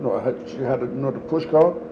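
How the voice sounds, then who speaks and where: A man's voice: mid-range voice, fast talker. An older man, telling stories as the interviewee and acting out the voices of the people in them. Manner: animated storyteller acting out voices, laughs often. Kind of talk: storytelling. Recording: dull lo-fi home recording with faint noise.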